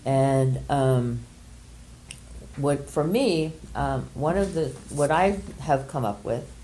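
An older woman leading a workshop group, speaking gently and hesitantly with many pauses as she explains an exercise and shares a personal story. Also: extremely low pitch, expressive, slight background noise. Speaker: workshop leader.

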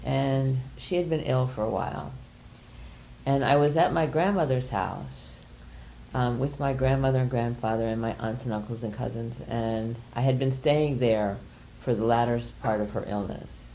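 Soft-spoken older woman with a low voice. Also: slight background noise. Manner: gentle, hesitant, many pauses and fillers. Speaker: workshop leader. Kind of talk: guiding a group exercise and sharing a personal story.

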